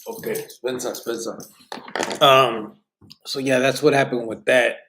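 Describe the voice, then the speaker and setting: In a noisy background, a man hosting a live podcast reads chat comments in a loose, rambling way, dropping bits of Spanish slang. He sounds tired and yawns, his mid-range voice steady and unhurried, in casual live-stream chat.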